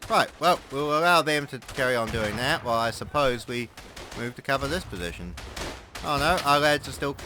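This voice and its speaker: A man's voice: medium pitch, lively intonation, normal speed, noisy background. A man giving casual, sarcastic gameplay commentary, swearing and mocking himself as he plays. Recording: loud game gunfire behind.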